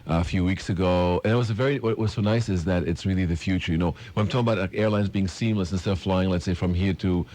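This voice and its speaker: Man, artist guest on radio, low voice, enthusiastic, rambling, repeats himself. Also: fairly even intonation, quick pace, hardly any pauses, darkish tone. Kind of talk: casual on-air chat.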